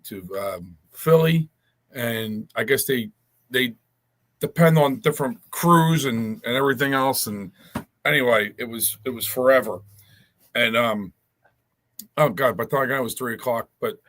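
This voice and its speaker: A man's voice: mid-range voice, fairly bright tone. A man telling a long, rambling story in casual chat, with many restarts.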